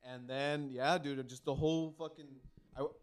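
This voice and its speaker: A man's voice: a little high, fairly even intonation, normal speed. Rambling, swearing male podcast co-host. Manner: rambling storyteller, heavy swearing, many restarts. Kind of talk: casual podcast chat.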